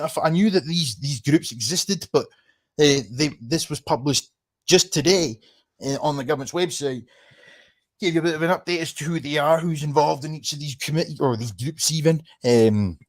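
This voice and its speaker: A man with a soft Scottish Highland accent chats on his livestream, swearing and rambling with sarcastic asides. His voice sits a bit higher than most men's. He speaks into a computer microphone. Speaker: livestream host. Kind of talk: casual livestream chat.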